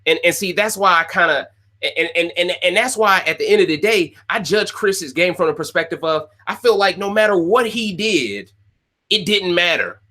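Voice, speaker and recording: A man's voice: high-pitched, expressive, normal speed, sharp tone. A man hosting a casual rant-style recap show, talking straight to his viewers, opinionated and prone to repeating himself. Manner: opinionated, repeats phrases, talks to viewers directly. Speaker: podcast host recapping a reality show.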